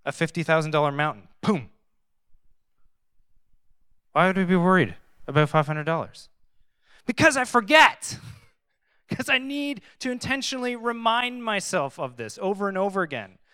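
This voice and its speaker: A young man preaching in a relaxed, chatty way, reading scripture and then reacting to it with lively, sarcastic asides. His voice sits a little high and sounds smooth and resonant. The recording is dry and close, with no room echo. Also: moderate pace, pauses often. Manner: animated, conversational, sarcastic asides. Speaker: pastor. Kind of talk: casual sermon with Bible reading.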